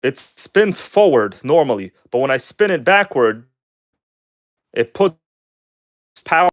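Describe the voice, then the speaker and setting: A man hosting a casual live stream, chatting excitedly with viewers and reading their comments aloud. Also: mid-range voice, a little slow. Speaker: RC car livestream host.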